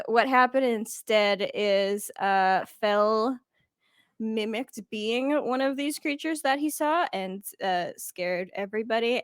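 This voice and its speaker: A woman's voice: mid-range voice, no echo, studio quality. A woman narrating as dungeon master, chatty and giggly, with many ums as she recaps the story. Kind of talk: narrating a tabletop game.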